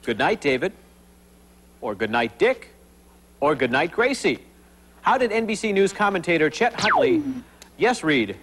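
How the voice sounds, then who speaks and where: A man's voice: high voice, huge pitch swings, husky, poor audio. A man hosting a TV game show in a studio, upbeat and jokey, bantering with contestants. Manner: jokey, bantering, quick to laugh. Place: TV studio with live audience. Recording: 1980s TV broadcast, loud audience noise. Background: studio audience.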